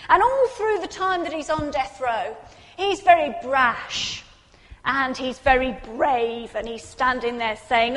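A woman preaching a sermon, building to intense peaks and sinking to quiet, reflective passages. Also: sits high, takes it slowly. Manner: dramatic, rising to intense peaks then dropping quiet. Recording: long reverb in a large hall.

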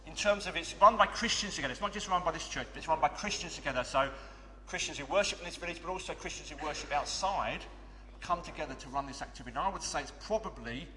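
High-voiced man in an echoey hall. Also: fast talker. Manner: earnest, with many fillers and restarts, lively when leading the children. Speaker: church children's club leader. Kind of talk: addressing a church congregation and children. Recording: long reverb of a big hall.

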